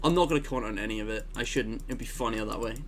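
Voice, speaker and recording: A man's voice: fairly low pitch, very fast, slight background noise. A man hosting a game stream, chatting casually and amused, with frequent laughs and wry asides. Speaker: streamer and channel host.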